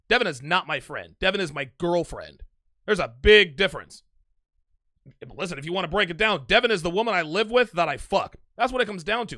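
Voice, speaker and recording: A man's voice: sits high, creaky, bright, forceful tone, no room sound. A man doing mocking reaction commentary, emphatic and sarcastic, on a close microphone. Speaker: commentary host.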